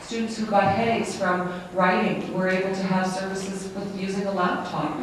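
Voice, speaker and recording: An interpreter voicing a lecture live, in a halting, self-correcting way. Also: mid-range voice, flat delivery. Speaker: sign language interpreter. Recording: very echoey room, distant mic, faint noise.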